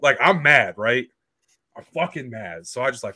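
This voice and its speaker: A young man hosting a podcast, telling a story in a blunt, profane, animated way. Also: mid-range voice, a little fast. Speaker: podcast host. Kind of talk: casual storytelling chat.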